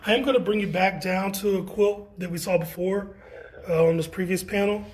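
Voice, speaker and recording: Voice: medium pitch, fairly even intonation, a little fast, a little mellow. An enthusiastic, chatty guide leading a casual walking tour through an indoor art gallery exhibit, with playful exclamations.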